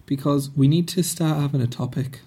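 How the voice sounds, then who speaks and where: A man's voice: fairly high pitch, a little fast, mellow, breathy edge. A young man with a cold, co-hosting a podcast in casual, sweary, bickering chat. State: has a cold, sniffly. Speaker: podcast co-host.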